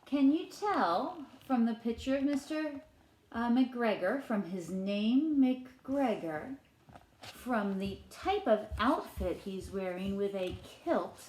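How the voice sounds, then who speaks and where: A woman teacher reading a picture book aloud to children, asking gentle questions and putting on playful voices for the characters. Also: on the high side, expressive, slow pace, reverberant, slight background noise. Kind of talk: children's read-aloud lesson.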